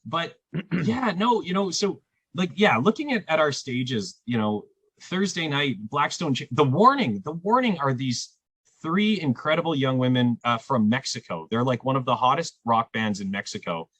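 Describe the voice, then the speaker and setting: Animated, husky-voiced man. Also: normal speed, no echo. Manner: animated storyteller, jumps pitch when quoting others. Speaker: festival programmer. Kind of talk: casual podcast chat.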